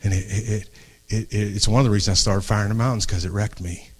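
A man of middle age delivering a heartfelt sermon in a drawl. His fairly low voice sinks to near-whispers, then climbs with fervor, and he stumbles back over his words as he goes. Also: steady tone, fast talker. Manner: earnest, swings from hushed to raised, restarts phrases. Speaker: pastor. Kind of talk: impassioned sermon. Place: church before a congregation.

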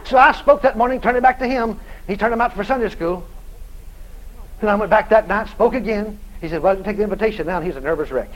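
A man's voice: sits high, fast talker, low-quality recording. A male preacher telling a story in a sermon, acting out both sides of the conversation and often laughing as he tells it.

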